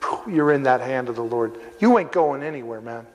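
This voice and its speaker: An older man preaching a sermon, telling stories in an animated, humorous and emphatic way. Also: mid-range voice, fairly quick, highs cut off. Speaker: pastor. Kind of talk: storytelling sermon. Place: church sanctuary. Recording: long reverb of a church hall.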